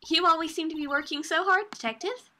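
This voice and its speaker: A woman voicing a bubbly, excitable teenage girl sidekick in an amateur game reading. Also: very high-pitched, quick pace, a little hiss or hum. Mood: peppy.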